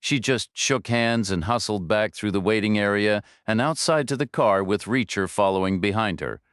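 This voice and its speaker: A man narrating a thriller audiobook in measured, steady storytelling, recorded on a studio microphone. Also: on the low side, clear, resonant tone, no echo. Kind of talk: scripted narration.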